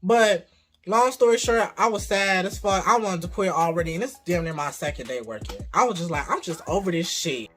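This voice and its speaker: A young adult vlogger casually tells a story about their first job, swearing freely and growing animated. The voice is mid-range and brisk, with faint music in the background.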